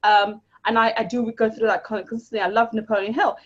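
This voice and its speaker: A woman with a husky, slightly raised voice, chatting quickly as a guest coach. She keeps repeating words and leaps up in pitch to stress a point. The recording sounds dull and lo-fi. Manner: animated, repeats words, jumps to higher pitch for emphasis. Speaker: guest, money mindset coach. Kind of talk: casual interview chat.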